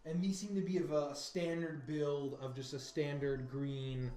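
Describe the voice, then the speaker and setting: A man narrating as game master, animated, breaking into loud sound effects and voices. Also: a little high, unhurried. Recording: roomy mic with background music. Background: faint music.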